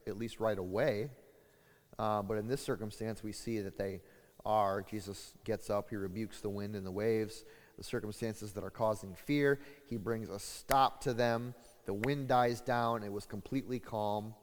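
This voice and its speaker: A man preaching a sermon as pastor, halting and full of fillers and restarts, getting louder and higher when he acts out what people say. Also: steady tone. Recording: long hall reverb.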